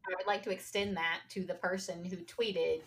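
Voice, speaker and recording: A woman's voice: fairly low pitch, fairly even intonation, moderate pace. A woman co-hosting a podcast in casual chat, wry and often restarting her phrases. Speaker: podcast co-host.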